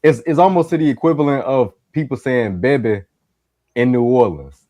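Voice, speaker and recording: A man's voice: mid-range voice, moderate pace, mellow. Easygoing man with a Chicago accent. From Chicago, USA. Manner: easygoing, playful, repeats himself. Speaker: co-host. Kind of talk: casual podcast chat.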